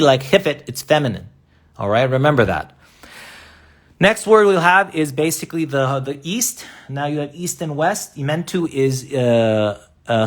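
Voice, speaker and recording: Man, teacher, live stream lesson, step-by-step, rhetorical questions, medium pitch. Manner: explains step by step with many rhetorical questions and fillers. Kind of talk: live online lesson, drawing and explaining. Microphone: laptop or phone mic in a live stream.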